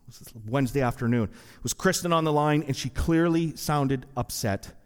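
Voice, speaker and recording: A man preaching a sermon, retelling a story in a lively way with acted-out quotes and wry asides. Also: mid-range voice, moderate pace, smooth. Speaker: pastor. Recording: long hall reverb.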